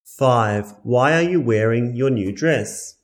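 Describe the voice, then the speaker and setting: A man reading English listening-test items aloud in a careful, deliberate way. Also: medium pitch. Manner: careful, deliberate, each item said twice. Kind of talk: slow scripted exam reading.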